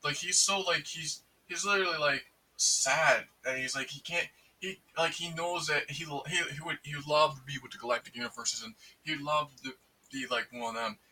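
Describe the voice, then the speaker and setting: A man excitedly recapping a movie in casual, rambling speech full of fillers and restarts. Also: fairly high pitch, normal speed, far from the mic, slight background noise, rough recording. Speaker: movie reviewer.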